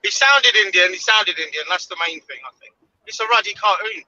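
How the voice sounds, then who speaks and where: A man's voice: high voice, animated, fairly quick, pushed and bright, muffled recording, a little hiss or hum. A man, teasing and joking in casual banter on a live online panel. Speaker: panel caller.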